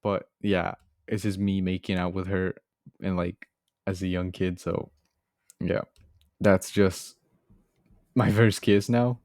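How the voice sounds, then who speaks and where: Young guy, deep low voice, rambly sheepish storytime, dry close sound. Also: level tone, takes it slowly, pauses often, a little mellow, dry recording. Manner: rambling, filler-heavy, a bit sheepish. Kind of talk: casual animated storytime narration.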